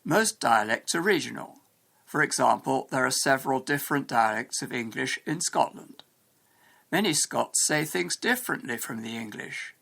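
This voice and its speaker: An English teacher narrates a scripted lesson in a measured, explanatory manner. His voice sits at an ordinary middle pitch with a gravelly edge.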